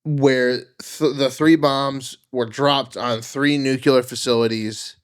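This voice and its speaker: A man's voice: mid-range voice, steady tone, slow, clean tone. Joking, foul-mouthed podcast host man. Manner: crude, joking, swears freely. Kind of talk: casual chat.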